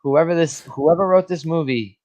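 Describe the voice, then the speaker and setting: A man's voice: on the high side, normal speed, darkish tone. A man co-hosting a casual movie podcast, blunt and profane, riffing in ranting asides. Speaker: podcast co-host.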